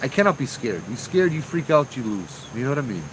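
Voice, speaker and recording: A man telling his own ghost story in a casual, slangy, animated way, acting out what people said. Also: medium pitch, a little fast, noisy background.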